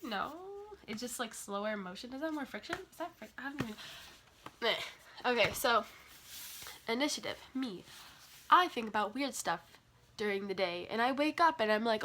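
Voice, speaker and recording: A woman's voice: on the high side, animated, normal speed, pauses often, bright, forceful tone, a little hiss or hum. A woman vlogger rambling casually to the camera, scattered and self-deprecating, often apologizing.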